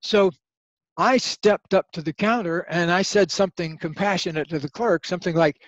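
Sitting high in pitch and speaking at a moderate pace, an older man appears as a guest author on a podcast interview. The recording is dry and dull. He tells animated stories, performing the voices of the people in his anecdotes.

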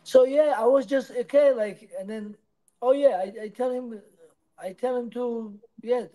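Man with halting English. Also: very high-pitched, fairly even intonation, dark tone, poor audio. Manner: halting, non-native English with many restarts. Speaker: interviewee, professional fighter. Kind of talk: casual interview answers.

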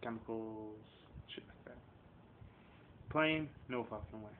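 A man's voice: lowish voice, slow. Man ranting profanely, tinny lo-fi audio. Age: 30s. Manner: profane, rambling, confrontational. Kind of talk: casual vlog rant. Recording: tinny lo-fi webcam audio with faint noise.

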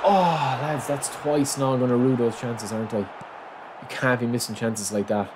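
A man giving excitable live commentary on his own football video game, reacting aloud and calling his viewers lads. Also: medium pitch, moderate pace. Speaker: gaming channel host. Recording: noisy game sound mix.

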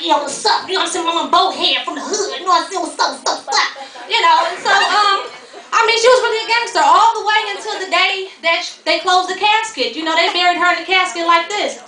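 A woman's voice: high-pitched, sharp tone. A young woman doing a live stand-up set, telling stories in a chatty, loose way full of slang. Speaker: stand-up comedian. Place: live comedy stage. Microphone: stage mic heard from a distance. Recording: echoey, noisy room from far off.

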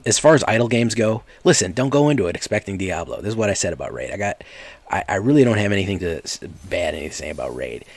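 A man's voice: deep voice, vocal fry, dry recording. A man streaming a card game, chatting casually and rambling with lots of fillers and laughs. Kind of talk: casual chat while playing a card game. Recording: faint background noise.

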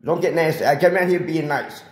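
The low-quality, roomy phone recording catches a man confronting building security inside a residential building's public area. Speaking fairly quickly in a slightly high voice, he lectures them aggressively and keeps repeating himself.

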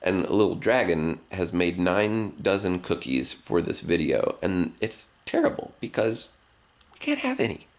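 A man talks to camera in a loose, joking family vlog. His voice is low but swings widely in pitch, and he rambles with frequent restarts and fillers. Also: sing-song, unhurried. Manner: rambling, jokey, full of "like" and restarts. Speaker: family vlogger. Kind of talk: casual vlog chat.

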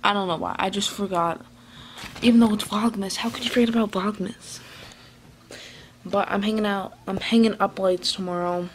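A vlogger chats casually to the phone she's holding while at home, wandering from point to point with fillers and false starts. She speaks at normal speed in a medium-pitched, fairly even voice. There's slight background noise.

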